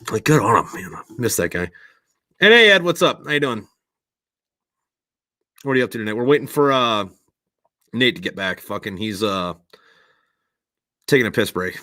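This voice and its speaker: A man's voice: lowish voice, sing-song, moderate pace, long pauses, no echo. A man hosting a podcast livestream alone, rambling in a casual way and swearing constantly while he waits for his guest. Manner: gets loud and ranting when worked up. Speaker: podcast host.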